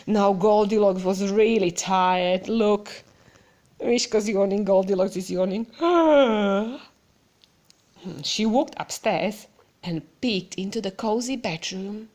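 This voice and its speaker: A woman reading a picture book aloud to a child, expressive, gasping and asking the listener questions. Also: mid-range voice, slow.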